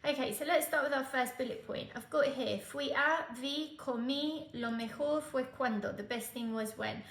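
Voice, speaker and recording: A high, slightly bright female voice at normal speed leads a Spanish exam tutorial. The room sounds spacious, and she patiently explains things one step at a time, often pausing to ask "okay?"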